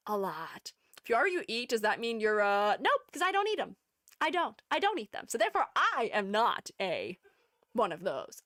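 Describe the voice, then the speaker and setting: A woman's voice: mid-range voice, a bit bright, no echo, studio quality. A young woman streamer chatting casually, giggly and mock-dramatic. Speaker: streamer and art educator. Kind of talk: casual live-stream chat.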